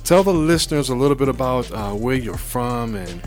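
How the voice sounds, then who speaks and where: A man's voice: mid-range voice, lively intonation, brisk, music in the background. A man with a New York accent hosting a gospel radio program, chatting casually and teasing his guest, with plenty of fillers. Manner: playful, teasing, hesitant with fillers. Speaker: radio show host. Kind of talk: casual interview chat.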